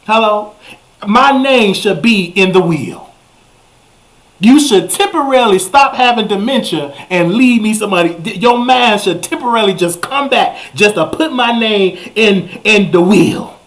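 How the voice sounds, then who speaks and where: Dude hosting his show, ranting and cracking himself up, keeps jumping high when he gets worked up. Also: measured pace. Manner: animated, jumps to high exclamations, repeats himself. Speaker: talk show host. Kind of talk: comedic ranting storytelling.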